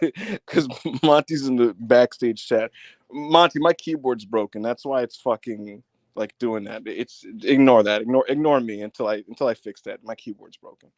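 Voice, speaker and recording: A man with a medium-pitched voice talks at a moderate pace, with no echo in the recording. As co-host of a casual wrestling review podcast, he retells scenes with lively storytelling, performing the quotes and using plenty of profanity.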